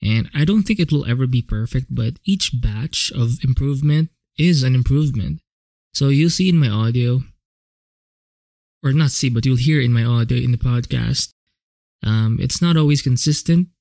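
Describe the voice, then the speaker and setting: Man, gravelly voice, dry close sound, solo podcast host, casual rambling talk, curses and self-corrections. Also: mid-range voice, normal speed, mellow, no echo. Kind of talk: solo reflective podcast monologue. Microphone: home podcast microphone.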